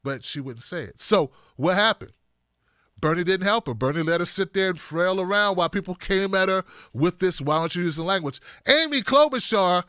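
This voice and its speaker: A man hosting a livestream of political commentary, animated and talking straight to his viewers, sometimes putting on mocking voices. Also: sits high, clean tone, dry recording, studio quality.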